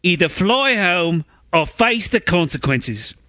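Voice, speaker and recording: A man putting on an exaggerated Australian accent to voice a male politician, pushing his voice up high. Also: very animated, takes it slowly, pushed and bright, no room sound, studio quality, exaggerated voice. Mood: folksy.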